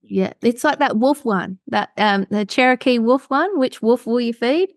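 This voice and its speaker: A woman's voice: a little high, normal speed, dry recording, clean studio sound. A woman hosting a podcast, chatting casually and affirming her guest often. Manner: encouraging, frequent affirming murmurs. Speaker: podcast host.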